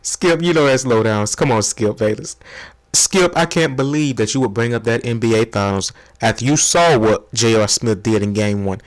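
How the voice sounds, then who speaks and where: A man's voice: medium pitch, normal speed, natural voice. Man doing a brash, slangy sports pundit. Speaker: comedic impression of a sports debate panelist. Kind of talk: comedy spoof of a sports debate show.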